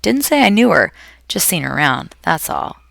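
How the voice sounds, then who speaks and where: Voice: mid-range voice, big pitch swings, normal speed, gravelly, a bit bright, no echo, voice pushed up, exaggerated voice. A reader voicing a blunt, impatient old homeless woman on a park bench. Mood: gruff.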